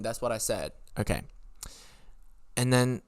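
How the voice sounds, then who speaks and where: A young man hosting a podcast, telling a story in an animated, swearing monologue full of sudden indignant jumps in pitch. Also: moderate pace, pauses often, no echo, clean studio sound. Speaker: podcast host.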